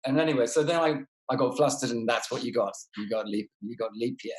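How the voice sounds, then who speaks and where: A man's voice: medium pitch, normal speed. Rambling self-deprecating man, roomy sound. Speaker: actor guest. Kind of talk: casual interview over a call.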